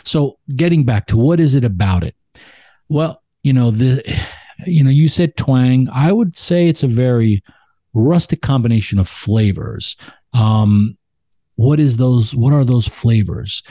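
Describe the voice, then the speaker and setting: A man in conversation, explaining at an easy pace and pausing with "um" and "you know" as he searches for words. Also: mid-range voice, expressive, warm tone, no room sound, clean studio sound. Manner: thoughtful, restarts with "you know" and "um".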